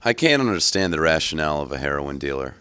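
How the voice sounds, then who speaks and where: A man's voice: very deep voice, sing-song, quick pace, pushed and bright, clean tone. A man hosting a gameplay walkthrough, talking casually with profane jokes. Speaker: gaming channel host. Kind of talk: gameplay commentary.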